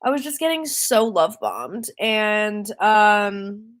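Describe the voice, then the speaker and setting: A woman's voice: medium pitch, animated, slow. A young woman singer-songwriter chatting casually on a livestream, rambling and easily distracted, laughing often.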